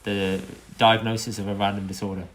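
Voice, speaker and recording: Fast-talking joking podcast host. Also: male voice, lowish voice, little pitch movement, a bit bright. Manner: quick, joking, banter. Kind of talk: casual chat.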